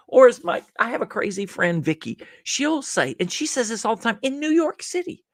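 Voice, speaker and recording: Brief: male podcast guest, expressive storyteller, very lively pitch, dry close sound. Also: fairly quick, no room sound. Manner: animated storyteller who acts out little dialogues. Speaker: podcast guest, gratitude speaker. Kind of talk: conversational podcast interview.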